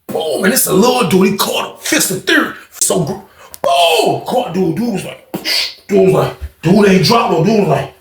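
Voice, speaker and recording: A man casually telling a long story, acting out other people's lines and rising to shouts at the tense parts. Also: high-pitched, normal speed, reverberant. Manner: animated retelling, acts out others' voices, rises to shouting.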